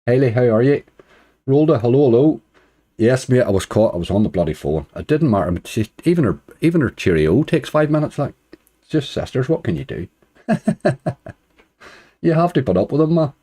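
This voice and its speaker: A man's voice: mid-range voice, very animated, fairly quick, dark tone, slightly rough. A man hosting a casual live stream, chatting and greeting viewers one by one with easy chuckles. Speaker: slots streamer greeting chat.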